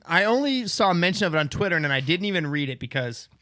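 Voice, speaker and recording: A man co-hosting a casual podcast, joking and laughing in animated chat. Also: high voice, fast, dry recording, clean studio sound. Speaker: podcast co-host.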